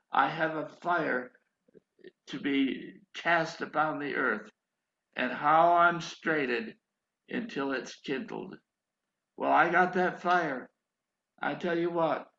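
Slow gravelly older man preaching. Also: on the high side, fairly bright tone. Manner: slow, drawn-out, emphatic storytelling. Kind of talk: sermon with personal testimony. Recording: echoey, dull lo-fi recording.

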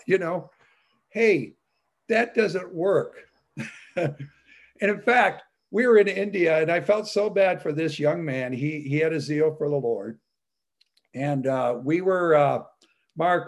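High-voiced man telling a chatty testimony. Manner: chatty, many "you know" fillers, chuckles often. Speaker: speaker sharing his testimony with fellow believers. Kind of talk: rambling personal testimony talk.

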